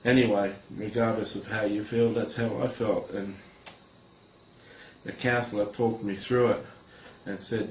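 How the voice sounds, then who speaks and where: Man, lower register, earnest personal testimony, hesitant delivery, talks straight to the viewer; echoey room. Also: level tone, slight background noise. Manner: earnest, halting, many hesitations, addresses viewers directly. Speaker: Christian recounting a vision. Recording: roomy with faint ambience.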